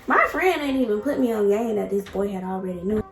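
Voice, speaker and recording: A woman's voice: mid-range voice, expressive, fairly quick, echoey room, faint music behind. A young woman vlogger telling a personal love story to her viewers, candid and emotional.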